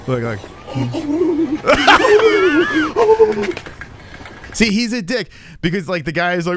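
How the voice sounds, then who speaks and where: A man's voice: sits high, drawn-out words, long pauses. A man hosting a casual reaction stream, laughing a lot and swearing as he comments on a clip. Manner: laughing, crude, animated commentary. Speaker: streamer host.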